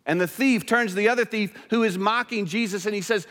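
A man's voice: high voice, a little fast. Man preaching in a reverberant church. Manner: earnest preaching, shifting between emphatic and hushed. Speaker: pastor. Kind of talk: sermon. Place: church sanctuary.

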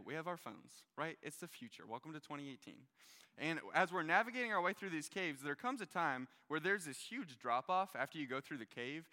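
Young male preacher, casual and animated, bright tone, long hall reverb. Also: mid-range voice. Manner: casual, animated storytelling with many fillers. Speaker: young adult pastor. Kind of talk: sermon storytelling. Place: large hall with a stage.

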